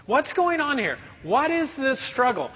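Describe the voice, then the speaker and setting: A pastor preaching a sermon to a congregation, lively and often acting out everyday scenes in quick put-on voices. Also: male voice, very high voice. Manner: animated, acts out kids and parents in quick voices. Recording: muffled sound with long hall reverb.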